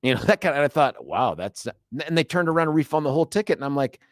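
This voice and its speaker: A man's voice: a little high, racing, no echo. A man in his fifties hosting a talk radio show, telling rambling stories with lots of restarts in a studio. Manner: lively storyteller, rambling with restarts. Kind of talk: casual talk radio chat. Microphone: studio microphone.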